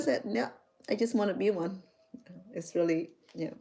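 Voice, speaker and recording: A middle-aged Cambodian chef and vlogger chats casually in a Khmer accent, rambling with plenty of fillers and restarts. Her medium-pitched voice is gravelly yet mellow, fairly quick and fairly even in intonation.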